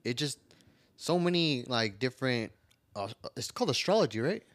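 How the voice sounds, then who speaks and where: A man co-hosting a casual podcast, laid-back and profane, slowing down when he explains things. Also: mid-range voice, big pitch swings, dry recording. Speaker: podcast co-host.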